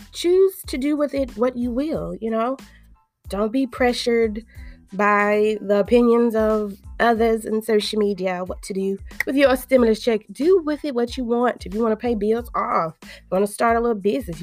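A woman in her thirties hosts her podcast and talks casually to her listeners. She is chatty and playful and keeps slipping in jokey asides. Faint music plays underneath her voice. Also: a little high. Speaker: podcast host. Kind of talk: casual chat.

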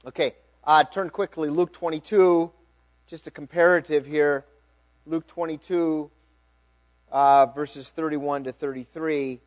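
A middle-aged man preaching, reading scripture with rising emphasis and dropping to quiet asides. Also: a little high, fairly even intonation, measured pace. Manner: earnest, reads aloud with rising emphasis then drops to quiet asides. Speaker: pastor.

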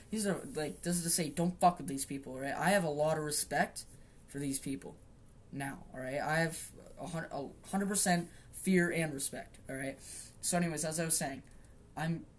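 A man's voice: fairly high pitch, slight background noise. Rambling, swearing young man telling a story. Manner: rambling, profane, self-interrupting with fillers. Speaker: podcast host. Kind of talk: casual storytelling.

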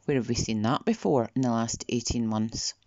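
A woman delivering a podcast monologue in a slow, deliberate way, sometimes dropping to a near whisper. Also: a bass voice, a little mellow, dry recording. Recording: dull, lo-fi dry recording.

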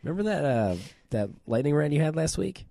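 A man with a cold chatting on a podcast, rambling excitedly with lots of fillers and restarts. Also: on the high side, brisk, creaky, no room sound. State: has a cold, on cold medicine. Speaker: podcast co-host. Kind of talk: casual chat.

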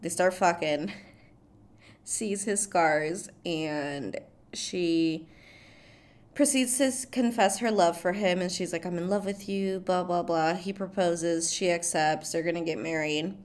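A woman's voice: lowish voice, takes it slowly. A young woman casually recapping a film plot, chatty and loose. She swears freely and breaks into laughter often. She keeps leaning on "like" and "blah, blah" to skip through the story.

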